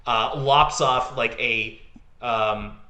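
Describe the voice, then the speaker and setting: Bright-voiced man, chatty podcast co-host. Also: medium pitch, steady tone, extremely slow, echoey room. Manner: rambling, filler-heavy, laughs easily. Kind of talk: casual chat.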